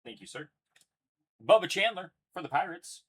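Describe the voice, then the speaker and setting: Young male card break host: husky, lively delivery, chatty and upbeat while announcing each pull. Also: high-pitched, normal speed. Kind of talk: live card-opening commentary.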